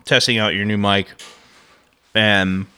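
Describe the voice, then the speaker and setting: A man's voice: on the low side, steady tone, takes it slowly, bright, forceful tone, clean tone. A man from the Midwest co-hosting a podcast, chatting casually and ranting with heavy profanity and frequent laughter. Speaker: podcast co-host.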